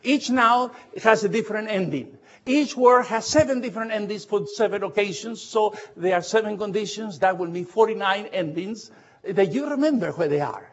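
A man leading a Bible study lecture, speaking earnestly with halting restarts and often asking the listeners whether they follow. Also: high-pitched, muffled recording. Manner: earnest, halting, often checks understanding with questions; spells out Greek letters slowly.

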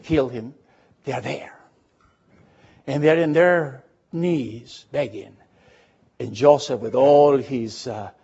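A man preaching a sermon and retelling a Bible story in a lively storytelling way, often asking the congregation questions. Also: medium pitch, breathy edge, highs cut off.

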